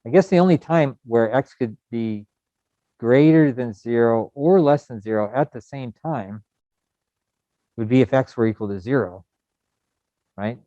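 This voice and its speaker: A middle-aged man from the United States teaching a programming lesson in a relaxed, rambling way with many fillers. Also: medium pitch, measured pace, pauses often, no echo. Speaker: programming instructor. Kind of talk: recorded coding lecture. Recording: dull lo-fi sound.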